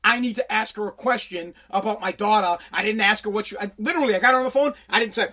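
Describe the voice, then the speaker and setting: A man's voice: high voice, fast, hardly any pauses, pushed and bright. A man hosting a solo podcast, ranting in an angry, profane way with lots of stumbling restarts. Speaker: podcast host.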